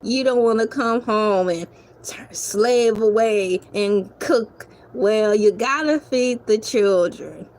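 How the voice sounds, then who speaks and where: Woman host, high voice, slow easy pace, laughing and joking thru a rant. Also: a little mellow. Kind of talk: casual comic rant to viewers.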